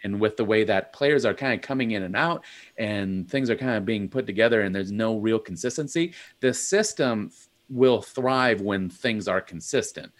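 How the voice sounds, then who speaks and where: Low-voiced man, halting and thoughtful. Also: animated. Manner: halting, many fillers and restarts, thoughtful. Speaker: podcast co-host. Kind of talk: casual sports chat.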